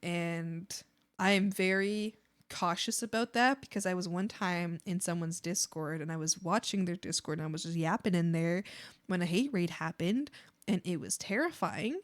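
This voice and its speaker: A woman's voice: fairly low pitch, normal speed. A young adult woman streamer chatting casually with her viewers, rambling with many fillers and frequent giggles. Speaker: art streamer.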